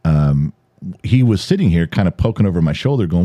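An American man hosting a podcast, telling stories in a casual, animated way and swearing freely. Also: fairly quick, dry recording. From United States. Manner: animated, jumps high in pitch for quoted lines, swears freely. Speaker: podcast host. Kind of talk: casual storytelling chat. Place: home studio.

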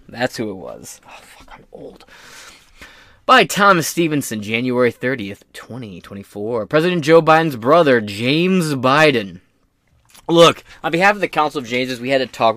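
A man's voice: mid-range voice, fairly bright tone, no room sound. A man hosting his own podcast, giving casual political commentary in a profane, joking, rambling way. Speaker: podcast host.

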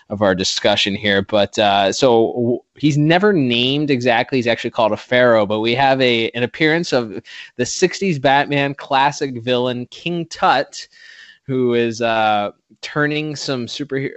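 A man's voice: medium pitch, dry recording. A man co-hosting a podcast in casual chat, rambling and correcting himself with frequent chuckles. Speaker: podcast co-host. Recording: dull lo-fi podcast mic.

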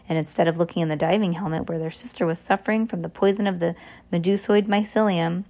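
A woman's voice: fairly low pitch, a little mellow. A woman reading a novel aloud, stumbling and restarting now and then. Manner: reads with frequent slips and restarts. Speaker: reader. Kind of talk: audiobook narration.

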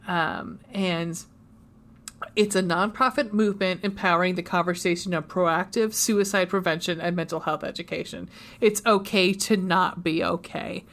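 Lady podcasting, halting casual chat, fillers everywhere. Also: fairly low pitch, fairly even intonation, a bit bright. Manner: hesitant, many ums, tearful at times. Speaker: podcast co-host.

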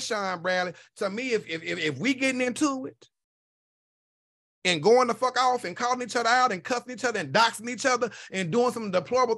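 A man's voice: very high voice, pushed and bright. A man hosting a podcast, ranting in casual chat, blunt and heavy on profanity. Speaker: podcast host.

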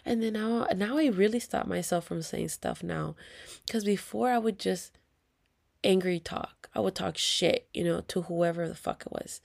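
A woman's voice: medium pitch, normal speed, gravelly, darkish tone. A woman, venting to viewers in a heated, profane story with whispered asides. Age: 30s. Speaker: vlogger.

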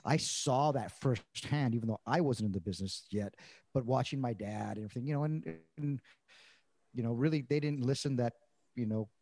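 A middle-aged man hosts a casual chat, easygoing and agreeable, often chiming in with anecdotes of his own. His voice sits at an ordinary pitch for a man. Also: a little fast, darkish tone, no room sound. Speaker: interview host.

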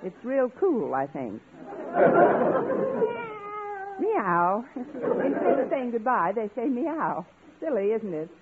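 Wry schoolteacher, quick and bluffing; old radio broadcast with a noisy audience. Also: female voice, sits high, phone-quality sound, exaggerated voice. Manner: quick, sarcastic, flustered bluffing. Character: wisecracking female English teacher. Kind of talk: 1950s radio sitcom acting.

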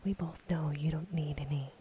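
A woman's voice: low voice, fairly even intonation, normal speed, dark tone, slight background noise, lightly acted. A woman whispering the lines of a weary, sardonic young prince in a whispered role-play storybook reading.

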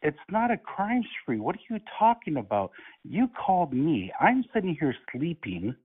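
Mocking prank caller on a phone line. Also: male voice, on the high side, normal speed, breathy edge. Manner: calm, mocking, playing innocent.

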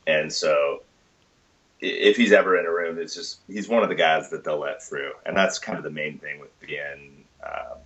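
A man with an extremely deep voice who talks bluntly and emphatically, swearing casually as he goes. The recording is a little dull, with the top end rolled off. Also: a bit bright. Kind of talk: casual interview talk.

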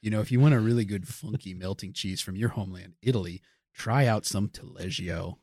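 A man's voice: fairly low pitch, fairly quick, darkish tone, no echo, clean studio sound. A man hosting a podcast, laughing often and telling a story with enthusiasm. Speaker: podcast host. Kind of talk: casual comedic banter.

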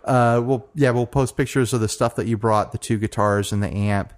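A man's voice: mid-range voice, steady tone, normal speed. A man hosting a podcast in casual chat, laughing often and joking loosely. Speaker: podcast host.

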